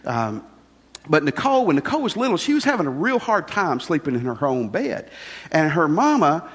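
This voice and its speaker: An older man preaching, his voice sitting a little high for a man. He talks in a folksy, conversational way, asking the congregation questions. The sound carries a long reverb from the church hall. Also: sing-song, moderate pace, breathy edge. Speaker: pastor. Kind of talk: sermon. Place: church sanctuary.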